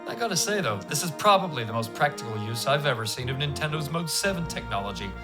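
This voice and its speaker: Irish guy in his thirties, lively sweary comedy review voice over music. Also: on the high side, fast talker. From Ireland. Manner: sarcastic, swears freely, bursts of exasperation. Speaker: video game reviewer. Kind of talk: comedic scripted review narration.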